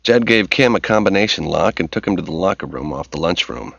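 A man narrating an audiobook in a steady, measured reading voice. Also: sits low, gravelly, dry recording. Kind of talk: scripted narration. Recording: dull lo-fi recording.

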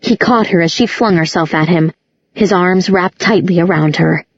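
A woman narrating a novel aloud as an audiobook narrator, in a measured, even reading. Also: on the low side, dry recording. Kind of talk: scripted narration. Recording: dull lo-fi audiobook recording.

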